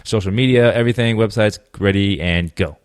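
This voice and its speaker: A man's voice: on the low side, fairly quick, smooth, dry recording, studio quality. A man hosting a gaming podcast, chatting casually with many fillers and laughs. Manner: rambling, filler-heavy, laughs often. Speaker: podcast host. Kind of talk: casual chat.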